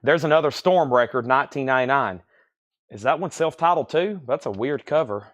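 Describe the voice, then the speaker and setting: A man's voice: medium pitch, expressive, brisk. A young man hosting a live vinyl sale stream, chatting casually and rambling while reading out titles and prices.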